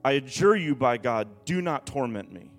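A man's voice: medium pitch, animated, moderate pace, long reverb tail, faint music behind, close to an everyday voice. A man voicing a tormented male demon that speaks through a possessed man and pleads not to be punished, read aloud in a sermon. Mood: pleading. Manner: pleading, begging.

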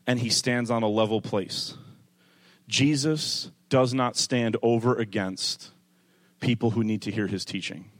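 A male pastor preaching a sermon, moving from calm teaching to rising, emphatic delivery, with conversational asides to the congregation. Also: unhurried. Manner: builds from calm teaching to loud, high-pitched preaching.

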